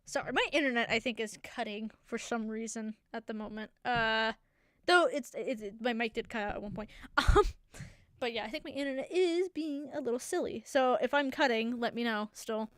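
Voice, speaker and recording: A woman's voice: on the high side, moderate pace, fairly bright tone, dry recording, studio quality. A young woman hosting a solo talk show into a desk microphone, chatting casually and animatedly, rambling and laughing often. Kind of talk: casual chat.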